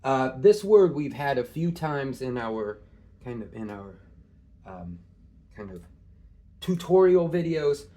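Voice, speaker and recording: A man's voice: medium pitch, big pitch swings, takes it slowly, long pauses, dark tone, a little hiss or hum. A man teaching Greek in a casual, thinking-aloud way, with many fillers and small laughs. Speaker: Greek tutor. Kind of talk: informal screen-share lesson.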